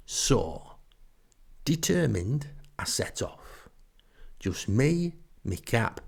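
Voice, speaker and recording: A man's voice: on the low side, vocal fry, husky. An older man with a Northern English accent telling a comic story in a wry, chatty, self-deprecating way. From Northern England. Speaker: storyteller, podcast host. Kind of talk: comic first-person storytelling.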